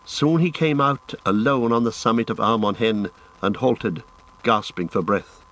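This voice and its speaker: A man with a low voice reads a fantasy novel aloud. His delivery is measured and dramatic, steady through long passages of narration. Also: low-quality recording. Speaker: audiobook narrator.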